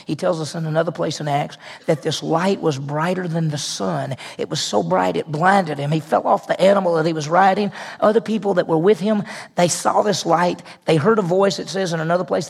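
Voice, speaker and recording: A man's voice: high voice, a little fast, creaky, husky. A man preaching a sermon in a conversational way, with asides and repeated phrases. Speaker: pastor.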